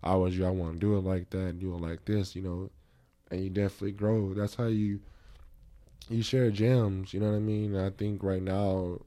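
A man's voice: low voice, flat delivery, moderate pace, warm tone. A man hosting a podcast in casual chat, reflective and rambling, with many fillers and restarts. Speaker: podcast host.

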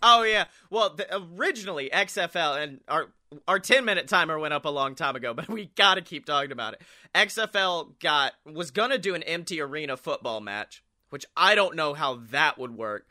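Young man, casual co-host, bright ringing voice, fairly high, jokey with quick impressions. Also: lively intonation. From Alabama, US. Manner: joking, does quick impressions, swears. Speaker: podcast co-host. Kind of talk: casual chat.

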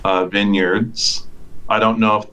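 A Canadian man with a very deep voice chats as a podcast guest. He talks in an easygoing way, pausing on fillers as he thinks. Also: little pitch movement, pushed and bright, low-quality recording. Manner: easygoing, hesitant with many uhs. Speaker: guest actor. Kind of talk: casual podcast chat.

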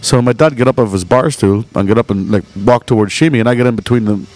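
A man's voice: mid-range voice, fast, a little mellow. A man, a bar co-owner, telling profane stories in casual chat and laughing as he goes. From Northern Ireland. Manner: profane storyteller, laughs mid-story.

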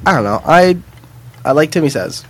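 A man's voice: on the high side, big pitch swings, moderate pace. A man co-hosting a casual sports podcast, talking loosely with jokes and asides. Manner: loose, joking, with fillers and asides. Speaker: podcast co-host.

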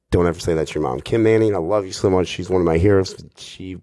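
A man with a deep, low voice delivers a stand-up comedy story, rambling and swearing nearly every line. He mocks himself as he goes. The sound is close and dry with no room echo. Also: fast, hardly any pauses, warm tone. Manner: rambling, swears constantly, self-mocking.

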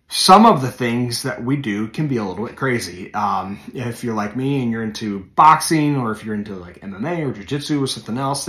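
A man's voice: mid-range voice, a bit bright. Conversational man in an echoey room. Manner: conversational, many fillers and self-corrections, leans in on key phrases. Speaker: podcast host and preacher. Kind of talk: casual devotional podcast talk.

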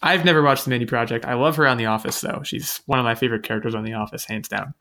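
Male podcast host, bright forceful tone, loose chatty delivery, self-deprecating humor. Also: medium pitch, very fast, a little hiss or hum. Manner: chatty, self-mocking, thinks aloud with restarts. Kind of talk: casual podcast chat.

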